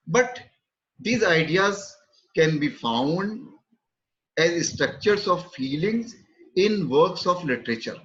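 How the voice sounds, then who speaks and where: A man giving an academic literature lecture in a measured way, pausing often and repeating key terms. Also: on the high side, fairly bright tone, highs cut off.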